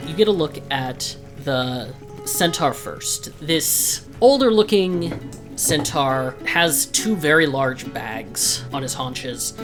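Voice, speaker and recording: A woman narrating a tabletop game as game master, in a relaxed, descriptive storytelling manner. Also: a bass voice.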